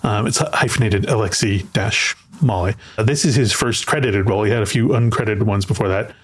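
A man's voice: lowish voice, brisk, husky. A man hosting a podcast, chatting casually about a film and often repeating words as he thinks aloud. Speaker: podcast host.

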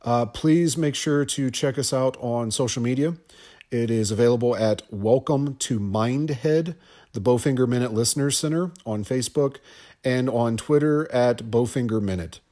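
A man's voice: medium pitch, normal speed, warm tone. A man guest-hosting a podcast, rambling through a scene-by-scene movie commentary with stammers, restarts and wry asides. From Ohio.

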